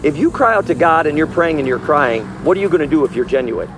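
A man preaching outdoors on a city street, emphatic and forceful, his voice climbing high when he exhorts. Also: animated, fast, noisy background.

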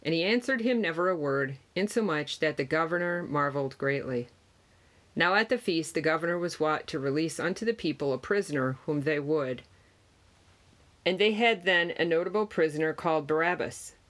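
A reader giving a Gospel passage in archaic wording, steady and measured with small stumbles. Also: mid-range voice. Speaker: scripture reader.

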